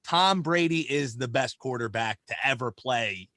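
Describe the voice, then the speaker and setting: A man's voice: medium pitch, moderate pace, pushed and bright, dry recording, studio quality. A man co-hosting a sports betting podcast, talking casually and animatedly, hyping his segments like an announcer and swearing now and then. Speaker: podcast co-host.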